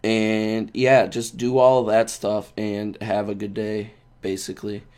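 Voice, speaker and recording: A man co-hosting a casual podcast, hoarse and rough-voiced from being sick, rambling in a loose, joking way. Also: lowish voice, flat delivery, slow, darkish tone. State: hoarse from a cold. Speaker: podcast co-host.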